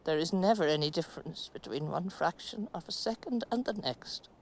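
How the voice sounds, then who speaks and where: An actress playing Winnie, a rambling middle-aged woman trapped in a mound, in a halting theatrical monologue that sinks to near-whispers. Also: on the low side, lively intonation, a little mellow, slight background noise. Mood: weary. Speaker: stage actress.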